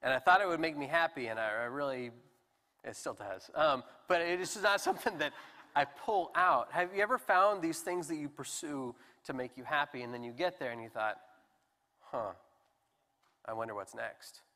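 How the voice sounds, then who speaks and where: A man preaching a sermon in a relaxed, conversational and self-deprecating way with animated emphasis. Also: a little high, a little fast. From United States. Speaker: pastor. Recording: long hall reverb.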